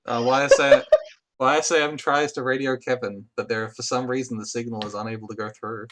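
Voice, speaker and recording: A man narrating as game master in a tabletop game, halting with frequent fillers and quick apologies. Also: medium pitch, steady tone, a bit bright.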